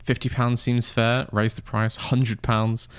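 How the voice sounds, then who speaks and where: A man's voice: medium pitch, little pitch movement, measured pace, clear, resonant tone, dry recording, studio quality. A young man chatting casually with his live-stream viewers, rambling and swearing in mock-indignant banter.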